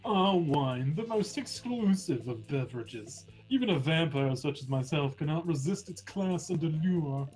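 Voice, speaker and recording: A man's voice: on the high side, animated, measured pace, hardly any pauses, a little mellow, soft background music, poor audio. A man putting on a pompous ancient vampire. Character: snobby male vampire, centuries old. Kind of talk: video game voice-over reading.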